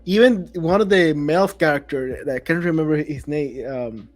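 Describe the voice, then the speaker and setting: Enthusiastic man hosting, halting restarts. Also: fairly high pitch, soft background music. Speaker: podcast host. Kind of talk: casual podcast interview.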